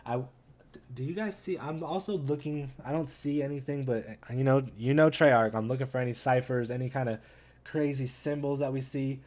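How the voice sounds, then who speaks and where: A man's voice: medium pitch, fairly quick. Chatty gaming YouTuber man. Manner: excitable, chatty, talks straight to viewers. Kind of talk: casual read-along commentary.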